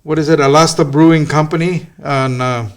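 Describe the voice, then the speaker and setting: A man's voice: on the high side, fairly even intonation, normal speed. Hesitant man plugging his wrestling shows. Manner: hesitant, many ums and uhs. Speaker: wrestling promoter, guest. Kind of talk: casual interview chat.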